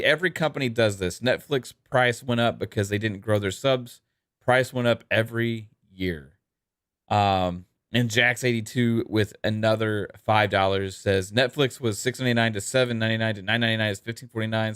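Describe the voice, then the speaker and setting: A relaxed man co-hosting a casual gaming podcast, thanking viewers and riffing on news at an easy pace. His voice sits in a middle register and sounds close and dry, with no room around it. He fills pauses with ums and chuckles often. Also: mid-range voice, no echo. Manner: laid-back, laughs easily, many ums and uhs. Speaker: podcast co-host. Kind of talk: casual podcast chat reading super chats.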